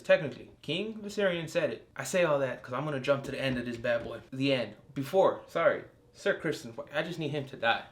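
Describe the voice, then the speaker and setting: Young male TV reviewer, solo casual vlog, excitable and profane, mid-pitched. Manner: excitable and profane, with outbursts of enthusiasm. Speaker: TV show reviewer.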